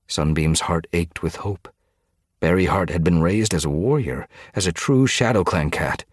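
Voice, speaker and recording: A man reading an audiobook in steady scripted narration. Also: sits low, normal speed, husky, no echo, clean studio sound.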